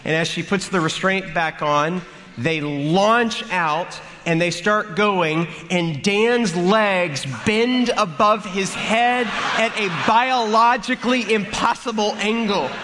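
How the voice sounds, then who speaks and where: A man preaching a sermon, telling a funny story in an animated way and acting out the characters. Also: high-pitched, slow pace. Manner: animated, acts out the story with comic voices. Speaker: pastor. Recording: long hall reverb, faint room noise.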